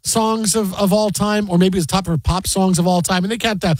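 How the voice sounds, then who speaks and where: A man hosting a casual sports talk show, playful and rambling, quick to joke. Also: sits high, fairly even intonation, darkish tone, dry recording. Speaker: radio show host.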